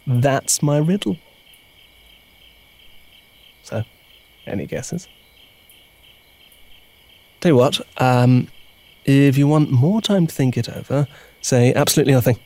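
A man's voice: medium pitch, takes it slowly, pauses often, a little mellow, no room sound. A man, playing an agent who tells a long, rambling, playful story in an audio drama. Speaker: agent leaving a voicemail. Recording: music playing behind, crickets.

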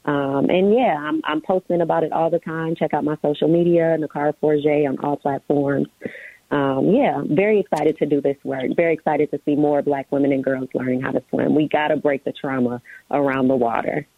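A woman with a very low voice speaks as a radio interview guest, friendly and full of ums. She comes through a tinny phone line. The sound is dry and close. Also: steady tone, moderate pace, no echo. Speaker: guest, swim program founder.

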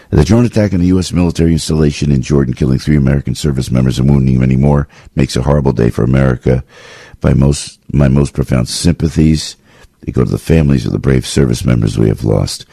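A man with a very low, husky voice hosts a radio talk show. He rants through a fired-up political monologue and keeps repeating his lines. The sound is dry and close to the mic. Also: warm tone, dry recording. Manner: fired-up, ranting, repeats phrases.

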